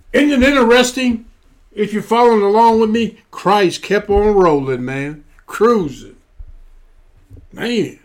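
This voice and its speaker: A male pastor preaching a sermon in a dramatic, colloquial style, stretching out key words for emphasis. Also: high voice.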